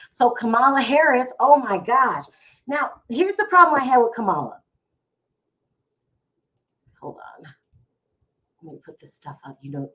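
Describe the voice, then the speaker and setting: A woman's voice: a little high, fairly bright tone. A middle-aged woman, hosting a casual live stream from home, chatty and emotional as she talks to her viewers. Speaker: vlog host going live.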